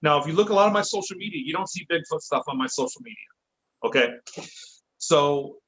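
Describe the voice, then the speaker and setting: A man from Michigan, a podcast guest, telling a story in a casual, lively way, correcting himself as he goes. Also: fairly high pitch, fairly quick, poor audio. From Michigan, USA. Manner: lively, self-correcting, acts out quotes.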